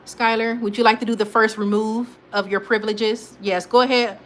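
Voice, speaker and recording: A woman hosting a casual livestream, talking straight to her chat and moderators, scolding trolls in lively, informal speech. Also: a little high, normal speed. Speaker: livestream host.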